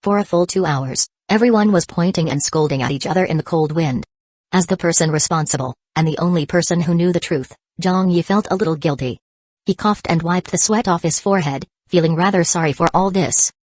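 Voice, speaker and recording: Low-voiced woman narrating a novel. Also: fairly quick, a little mellow, dry recording. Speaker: audiobook narrator. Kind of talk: scripted narration.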